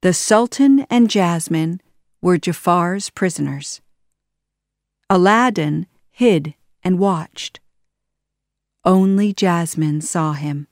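A woman reading a children's story aloud, slow and deliberate. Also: on the low side, no room sound, clean studio sound. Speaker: storybook narrator.

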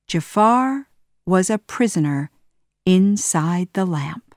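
A woman reading a children's story aloud, slow and deliberate. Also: lowish voice, dry recording, studio quality. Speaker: storybook narrator.

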